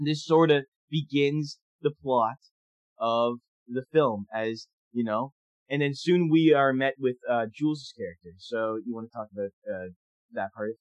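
A man's voice: mid-range voice, a little slow, dry recording, poor audio. Chatty young man laughing through film talk. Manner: laughs often, animated, chatty with fillers. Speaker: podcast co-host. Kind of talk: casual film discussion.

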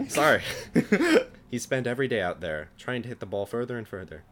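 A man's voice: mid-range voice, sing-song, a little fast, fairly bright tone, a little hiss or hum. A young man, a podcast co-host, reading his comedic fan fiction aloud, acting out the dialogue and laughing at his own jokes.

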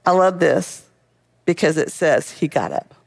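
A man's voice: fairly high pitch, lively intonation, unhurried, vocal fry. A man preaching a sermon as a pastor, in a conversational way that keeps asking the listeners questions.

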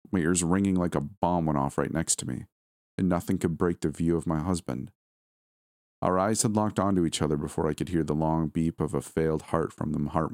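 Very deep-voiced man narrating a horror story. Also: no room sound, studio quality. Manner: steady, somber storytelling.

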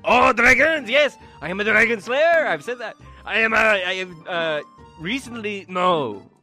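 A man's voice: sits high, lively intonation, unhurried, pushed and bright, faint music behind, pitched above the performer's own voice, full character voice. A man voicing a pompous male frog-person swordsman with a hammy, put-on French accent. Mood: haughty, boastful.

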